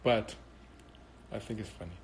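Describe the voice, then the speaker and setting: A man's voice: fairly low pitch, a little slow, slight background noise. A man from Brazil with a Brazilian Portuguese accent, chatting casually and answering viewer comments on a livestream, rambling and switching languages. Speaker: livestream host answering chat. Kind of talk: casual chat.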